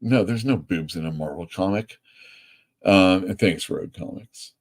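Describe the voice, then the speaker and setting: A man who owns a comic store, chatting loosely on a live stream, rambling and swearing casually. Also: sits low. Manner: chatty and rambling, swears freely, quick laughs. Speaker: comic store owner and show host.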